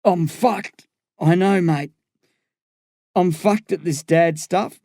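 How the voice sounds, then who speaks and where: A man voicing a drunk, wheezing father lying on an ambulance gurney, speaking with rough tenderness. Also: sits high, takes it slowly, warm tone, no room sound, clean studio sound, voice pushed up. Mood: tender.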